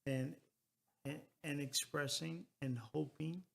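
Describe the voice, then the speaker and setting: A man in his early sixties hosting a talk radio show, earnest and halting, repeating words as he goes. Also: on the high side, steady tone, gravelly, a bit bright. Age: 60s. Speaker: radio host. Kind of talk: casual talk radio chat.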